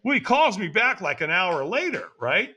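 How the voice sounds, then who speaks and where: A man's voice: high voice, normal speed, slightly rough. An older man from the United States, a podcast guest, telling a personal story in conversation and acting out the dialogue as he goes. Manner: animated, acts out quoted dialogue in the story.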